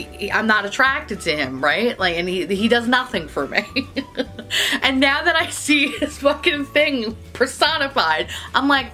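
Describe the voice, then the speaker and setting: A woman's voice: on the high side, pushed and bright. A woman with a New York accent telling a profane, laugh-filled story in a casual vlog. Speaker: beauty vlogger.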